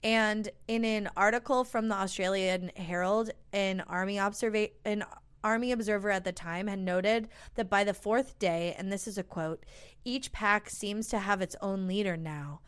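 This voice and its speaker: A woman's voice: medium pitch, fairly even intonation, normal speed, clear, resonant tone. Jokey, profane woman podcaster. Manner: profane, jokey, laughs a lot. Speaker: podcast co-host. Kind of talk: casual storytelling chat.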